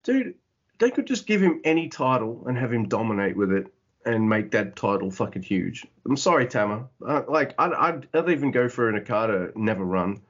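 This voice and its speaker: A man's voice: mid-range voice, sing-song, moderate pace. A man hosting a podcast in casual chat, ranting with frequent profanity and poking fun at himself. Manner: ranting, profane, self-mocking. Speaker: podcast host. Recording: muffled lo-fi podcast audio.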